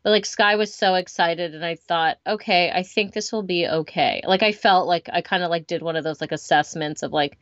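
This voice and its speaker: A woman's voice: fairly low pitch, steady tone, brisk, few pauses, no room sound, muffled recording. A woman in her thirties telling stories in casual chat as a podcast co-host, acting out what people said. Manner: chatty, storytelling with quoted asides.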